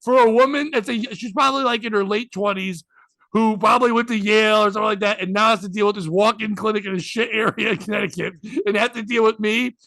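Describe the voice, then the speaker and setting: A man's voice: sits high, fast talker, gravelly, dry recording. A man chatting casually on a podcast, telling a story with lots of acted-out back-and-forth and self-mocking jokes. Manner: animated, self-mocking storyteller who acts out dialogue. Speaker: podcast co-host.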